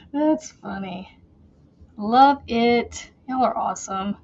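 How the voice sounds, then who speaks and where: Giggly woman crafter, slow and chatty. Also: fairly high pitch, darkish tone, muffled recording. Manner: chatty, giggly, talks to viewers. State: out of breath. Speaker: crochet channel host. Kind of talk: casual livestream chat while crocheting. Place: home, seated in a chair.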